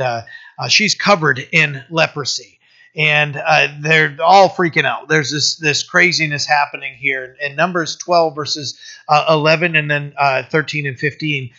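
Bright-voiced man teaching scripture. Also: on the high side. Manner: conversational, many fillers and restarts. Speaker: pastor. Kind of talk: casual Bible teaching. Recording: dull lo-fi recording.

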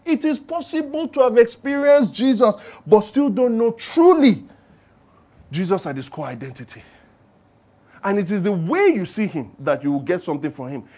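A man's voice: very high voice, a little mellow. A Nigerian man preaching a sermon in church, emphatic, asking the congregation call-and-response questions. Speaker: pastor.

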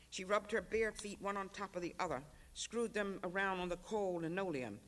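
An author reading a literary excerpt aloud at a panel, measured and rhythmic. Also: male voice, high voice, lively intonation, a bit bright.

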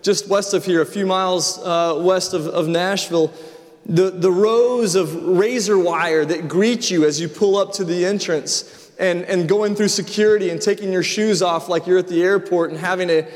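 A middle-aged pastor delivers a sermon, his voice sitting noticeably high. He talks in a relaxed, story-driven way, often restarting phrases. The sound carries a long reverb, as in a large sanctuary. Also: normal speed. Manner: storytelling, conversational with repeated restarts.

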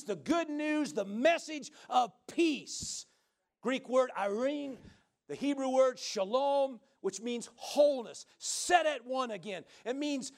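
A man with a high voice delivering a sermon to his congregation. He leans hard into emphatic, building phrases and pulls the room in with call-and-response. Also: takes it slowly. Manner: emphatic, builds to shouted exclamations. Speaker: preacher.

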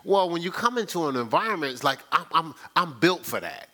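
A man's voice: on the high side, big pitch swings, brisk, sharp tone. A man preaching a conversational sermon, telling stories in a folksy, chatty way and often repeating himself. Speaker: pastor. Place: church sanctuary.

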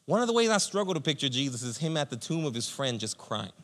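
A man pastor giving a conversational, energetic sermon, speaking to listeners as friends. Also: medium pitch, fast.

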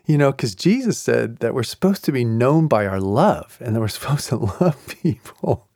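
A man's voice: medium pitch, expressive, moderate pace, a little mellow, dry recording, studio quality. A middle-aged man telling a personal story in a casual way, chuckling often and acting out the other people's lines. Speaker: speaker sharing a personal story.

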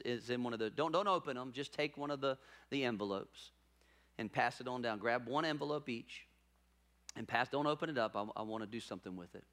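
A man's voice: mid-range voice, a bit bright. A man preaching a sermon as pastor, telling a story with emphatic repetition.

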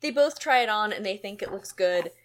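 A woman hosting a podcast in casual chat, animated and chatty with plenty of fillers. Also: mid-range voice, fairly quick. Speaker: podcast host.

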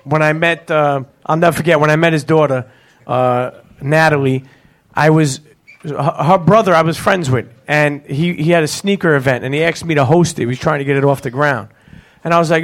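A man hosts a live show in an event space, spinning loose, profanity-laced anecdotes between audience questions. His voice sits a little higher than most men's, and his storytelling is animated and rambling. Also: fairly quick. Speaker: host. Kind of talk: live podcast hosting and storytelling.

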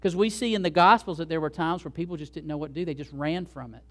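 A man's voice: fairly high pitch, fast talker. A male pastor preaching a sermon conversationally, often asking rhetorical questions.

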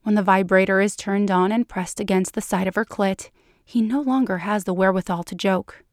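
A woman narrates fan fiction in an unhurried, mid-pitched voice, at times sinking to a whisper. The sound is dry and close, with no room echo. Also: steady tone. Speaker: podcast reader. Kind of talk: reading fan fiction aloud.

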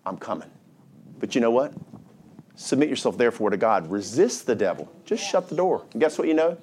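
A man's voice: medium pitch, big pitch swings, fairly quick, a little mellow. A male pastor delivering a sermon in a church, full of rhetorical questions and call-and-response with the congregation.

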